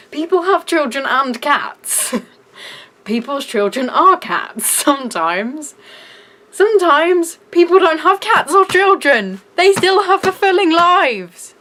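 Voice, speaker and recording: A young woman with a British accent ranting in a vlog, shouty and exasperated. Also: sits high, poor audio. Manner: shouty, exasperated, breaks into laughs. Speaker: vlogger.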